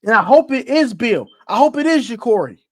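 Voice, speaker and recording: A man's voice: very high voice, big pitch swings, brisk. A man ranting about football in casual slang, emphatic and repetitive. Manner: emphatic, repetitive, gets louder as he goes. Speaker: sports commentator. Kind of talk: casual sports rant.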